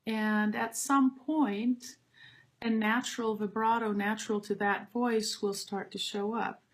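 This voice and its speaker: A middle-aged woman, a voice teacher, talks about teaching kids in an enthusiastic, expressive way, dropping to soft asides. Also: fairly high pitch, measured pace. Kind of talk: casual spoken talk on teaching.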